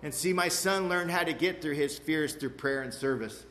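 A man's voice: fairly high pitch, normal speed, sharp tone. A man in his forties giving an emotional, rambling personal testimony to a recovery meeting, often asking "you know what I mean". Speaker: speaker sharing at a recovery meeting. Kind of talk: personal testimony to a live audience. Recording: echoey hall with faint room noise.

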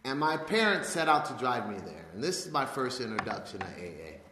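A man's voice: mid-range voice, big pitch swings, fairly quick, pushed and bright. A man in his fifties telling his life story to an audience, acting out the voices of the people in it. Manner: storytelling, acts out quoted voices. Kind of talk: personal testimony talk. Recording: echoey hall with long reverb.

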